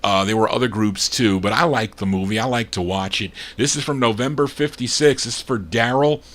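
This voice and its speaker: A man's voice: on the low side, brisk, a bit bright. Chatty man spinning oldies records. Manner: chatty, digressive, full of record trivia. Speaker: oldies radio DJ. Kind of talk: live radio DJ patter.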